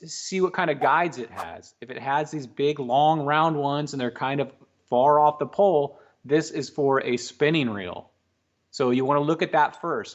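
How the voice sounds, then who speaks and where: Laid-back male co-host, patient explainer in casual talk, slightly muffled recording. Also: medium pitch. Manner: relaxed, explains basics patiently with restarts. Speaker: co-host of a fishing talk show. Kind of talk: casual livestream chat.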